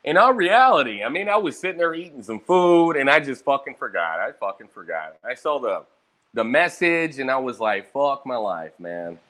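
A man's voice: medium pitch, moderate pace. A young man rambling casually about his day, swearing freely and jumping between stories, a little hungover. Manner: profane, rambling, animated storytelling.

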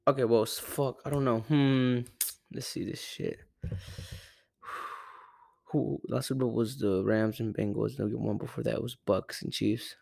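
A man's voice: mid-range voice, fairly even intonation, a little slow, creaky, pauses often, warm tone, no room sound, studio quality. A young man from Arizona rambling through a casual, profane sports rant at home, often correcting himself. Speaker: sports podcaster. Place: home room with a cat. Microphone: close desk mic.

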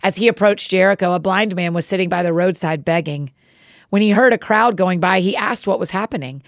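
Female scripture reader, measured and even; dry, gravelly low voice. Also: no room sound. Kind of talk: scripture reading.

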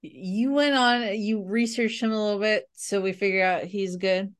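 A woman co-hosting a podcast, mostly listening and giving short relaxed replies. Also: medium pitch, moderate pace. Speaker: podcast co-host. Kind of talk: casual chat.

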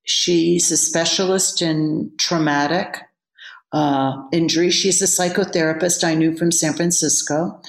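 A woman's voice: deep voice, steady tone, unhurried, creaky. A woman, a yoga teacher, telling a candid personal story as an interview guest. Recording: roomy echo.

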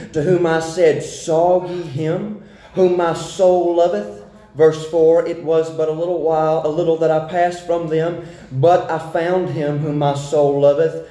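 A man preaching a sermon, fervent and a little out of breath, reading scripture slowly. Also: a little high, mellow. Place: church sanctuary. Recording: echoey church with congregation.

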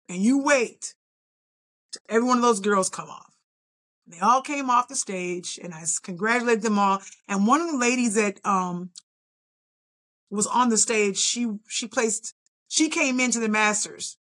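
On a podcast, a middle-aged female bodybuilder shares her story in a relaxed, lively manner, playing out her own reactions as she goes. Her voice is on the high side.

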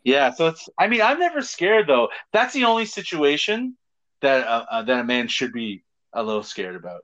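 Animated man telling a story, lo-fi. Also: mid-range voice, moderate pace. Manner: animated, laughing, swearing, acts out quotes. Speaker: podcast co-host. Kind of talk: casual chat, storytelling. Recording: dull lo-fi sound.

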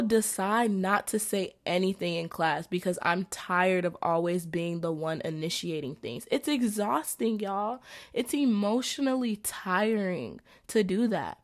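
A young woman, a college student reading through her notes in an animated, profane, exasperated rant. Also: mid-range voice, unhurried. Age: young adult.

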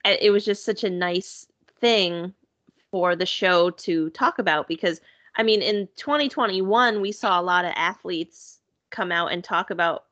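A woman's voice: fairly low pitch, unhurried, a bit bright, no echo. Chatty woman, slightly muffled dry sound. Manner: chatty, upbeat, lots of "like" and "you know". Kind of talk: casual chat.

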